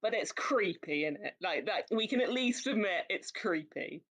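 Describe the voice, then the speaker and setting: A woman playing a tabletop game, speaking quietly and hesitantly as she mutters in character. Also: mid-range voice, animated, moderate pace. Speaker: player. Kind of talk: casual tabletop game chat.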